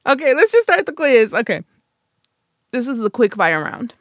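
A woman's voice: on the high side, sing-song, moderate pace, dry recording, studio quality. A woman in her twenties hosting a solo podcast, chatting casually and playfully with self-mocking asides. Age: 20s. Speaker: podcast host.

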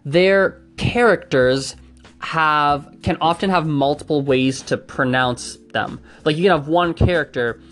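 A man's voice: a little high, unhurried, a bit bright. A man casually explaining pronunciation facts, chatty and hedging, trying out sounds aloud as he goes. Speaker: language enthusiast explaining pronunciation.

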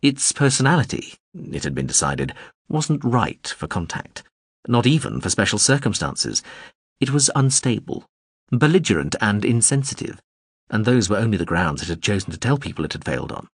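Low, husky male audiobook narrator. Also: very animated, no echo, clean studio sound. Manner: measured storytelling. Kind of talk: scripted narration.

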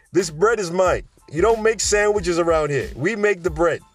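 A man doing a swaggering middle-aged loudmouth who brags and mocks in short jabbing taunts, pitched well up from a plain male voice. The voice is pushy and full of itself. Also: lively intonation, measured pace, far from the mic, faint music behind. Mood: taunting. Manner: mocking, bragging, jabbing taunts.

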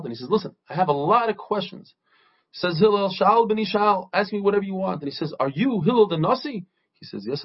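Husky man retelling Talmud stories. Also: a little high, dull audio. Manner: lively storytelling, acting out quoted speakers. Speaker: Talmud teacher.

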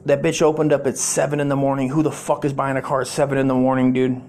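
A man's voice: medium pitch, completely flat delivery, quick pace, darkish tone. A middle-aged man, telling a rambling, profane comic story. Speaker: comedic storyteller.

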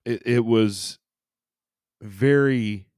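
A man hosting a podcast reads aloud and chats in a rambling, jokey way, with many restarts and crude asides. His mid-range voice has a darkish tone and drawn-out words. The sound is clean studio audio with no echo.

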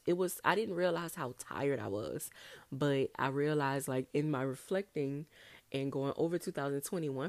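A young woman hosting a casual solo podcast, chatty and animated, talking straight to her listeners. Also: low-pitched, measured pace, dry recording. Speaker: podcast host.

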